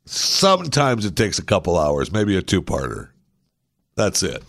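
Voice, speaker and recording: A man's voice: low-pitched, huge pitch swings, measured pace, gravelly, a bit bright, no room sound. A man hosting a talk show, giving opinionated political commentary with indignant, sarcastic asides.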